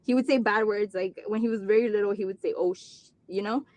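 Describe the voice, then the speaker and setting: A mother of an autistic child, appearing as a guest, tells a personal story in a medium-pitched, darkish voice at a fairly quick pace. She talks casually and earnestly, acting out quoted dialogue with many fillers and restarts, and at times seems close to tears.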